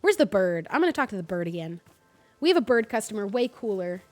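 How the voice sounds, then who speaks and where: A woman's voice: medium pitch, fast, faint music behind. A young woman from North Jersey with a light North Jersey accent, chatting casually while streaming a game. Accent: North New Jersey. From North New Jersey. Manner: chatty, animated, self-deprecating. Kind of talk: casual gaming commentary.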